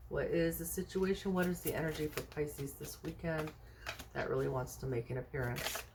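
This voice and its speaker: A woman's voice: sits low, fairly even intonation, moderate pace, noisy background. A woman doing a casual tarot reading for viewers, thinking aloud with many fillers and rhetorical questions in a chatty, reassuring way. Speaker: tarot card reader.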